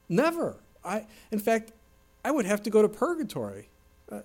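Earnest male preacher, higher voice. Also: darkish tone. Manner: earnest, emphatic preaching with scripture quotes. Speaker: pastor. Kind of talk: sermon.

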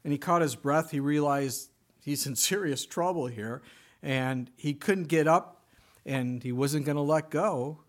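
Preaching a sermon, a male pastor speaks earnestly and with emphasis, a little slowly, using rhetorical questions to draw listeners in. His voice sits a little higher than most men's.

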